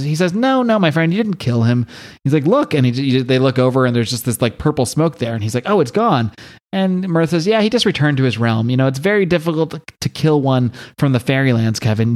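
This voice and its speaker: A man co-hosting a podcast, casually recapping a comic book's story with plenty of restarts and quick lines for each character. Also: medium pitch. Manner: animated retelling, quick voices for characters, frequent laughs and restarts. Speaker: podcast co-host.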